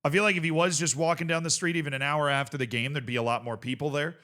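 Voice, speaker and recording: A young man hosts a casual reaction show and talks in a bright, forceful voice that sits a little high. He rambles in an animated way, swears freely and breaks into laughter. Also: fast. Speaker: host. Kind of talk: casual commentary reacting to a video.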